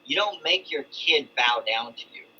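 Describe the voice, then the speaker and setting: Recounting his testimony in a rambling, casual way, a middle-aged man often restarts and adds asides. His fairly high voice is expressive, pushed and bright, at a moderate pace. The recording is dull lo-fi with faint ambience and slight hiss or hum.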